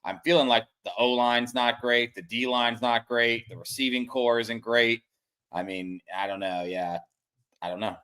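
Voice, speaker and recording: A man co-hosting a sports stream, ranting in frustration and trailing off quietly at the ends of thoughts. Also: mid-range voice, fairly even intonation, unhurried, smooth. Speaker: co-host of a sports betting stream. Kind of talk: casual profane sports chat.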